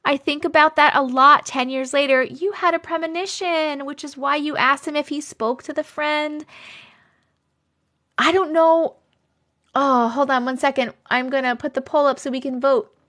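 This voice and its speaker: High-voiced woman chatting on a live stream. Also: fairly even intonation, normal speed, sharp tone. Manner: chatty, laughs often, reacts to comments. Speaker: live-stream host reading viewer stories. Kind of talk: casual live-stream chat.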